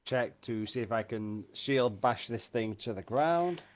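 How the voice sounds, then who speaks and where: A man's voice: medium pitch, animated, a little slow. A man playing a tabletop game, talking through his moves hesitantly. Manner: hesitant, thinking aloud with fillers. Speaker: player.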